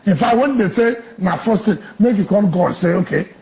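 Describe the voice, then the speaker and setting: A high, gravelly male voice with a Nigerian Pidgin accent, swinging widely up and down as he answers an interviewer. He is emphatic and jokey, and it sounds like a politician speaking off the cuff. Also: moderate pace, slight background noise. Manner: emphatic, joking, animated.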